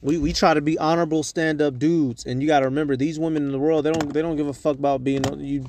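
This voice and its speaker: A man giving an informal, profane religious teaching from inside a car, blunt and halting, often stumbling over his words. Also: on the high side, fairly even intonation, a little mellow, a little hiss or hum. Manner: blunt and profane, with street slang. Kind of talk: informal preaching monologue.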